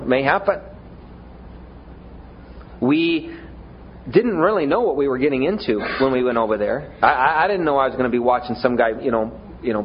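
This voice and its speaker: A man's voice: medium pitch, dull audio, a little hiss or hum. A man preaching a sermon in a conversational way, often stumbling over repeated words, with self-deprecating humor.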